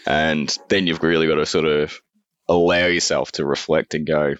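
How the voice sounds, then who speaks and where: A man's voice: extremely low pitch, normal speed, no room sound. A man chats casually on a podcast, hesitating often with fillers. The recording is dull and dry, with no room sound. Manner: relaxed, hesitant, many fillers. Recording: dull, dry muffled mic.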